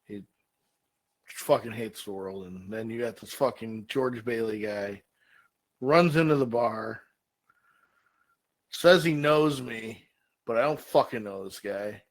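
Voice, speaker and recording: A man's voice: on the low side, takes it slowly, pauses often, low-quality recording. A man co-hosting a comedy show, telling a made-up bar-fight story with lots of swearing. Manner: profane, energetic storyteller. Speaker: podcast co-host.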